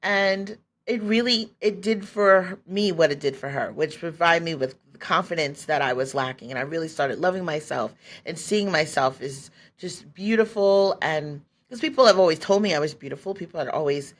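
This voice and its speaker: A woman's voice: on the low side, normal speed, hardly any pauses. A woman in her forties hosting a podcast, telling her own story in a candid, loose way, laughing often and acting out what she was thinking back then. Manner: loose and conversational, many fillers. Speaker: podcast host. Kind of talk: personal storytelling.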